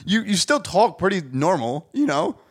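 A man's voice: sits high, very animated, moderate pace. A man in casual chat, teasing and arguing with crude language.

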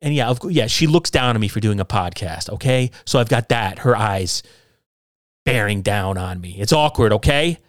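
A man's voice: on the low side, lively intonation, moderate pace, dry recording, studio quality. A middle-aged man hosting a solo podcast from his basement, talking in a sarcastic, combative and self-deprecating way. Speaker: podcast host. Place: home basement.

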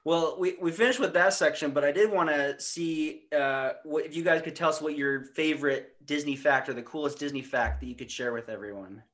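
A man hosting a podcast, asking questions in a relaxed, easygoing way. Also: a little high, brisk, hardly any pauses. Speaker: podcast host. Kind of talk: casual interview.

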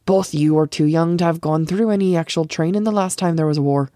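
A woman's voice: low-pitched, fairly quick, mellow, no echo, clean studio sound, natural voice. Woman voicing a stern skeptical older man. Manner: stern, doubting.

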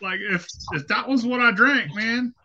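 Man, high and bright, slow-talking, loose and profane, muffled line with faint hiss. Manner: laid-back, swears freely, laughs often. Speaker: podcast co-host. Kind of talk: casual podcast chat. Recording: muffled lo-fi call audio with faint noise.

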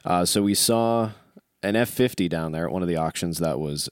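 Dry low-voiced co-host. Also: male voice, normal speed, clear, resonant tone, no room sound. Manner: reads questions aloud, short interjections. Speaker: co-host reading viewer questions. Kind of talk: casual show chat.

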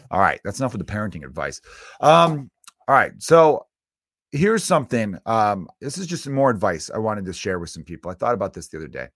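A man in his thirties, a comedian hosting his own podcast, delivering an animated, self-mocking solo rant. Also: low voice, no echo, studio quality.

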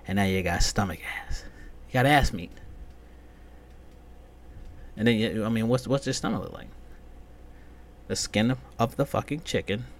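A man hosting a casual solo podcast rant, loose, profane and rambling. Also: fairly low pitch. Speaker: podcast host.

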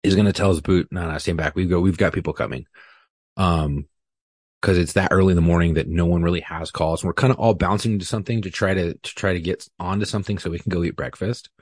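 A man telling a profane, animated story on a podcast, acting out the lines people said. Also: low-pitched, fast talker, no room sound. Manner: profane, animated retelling with acted-out quotes. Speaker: podcast guest. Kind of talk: casual storytelling.

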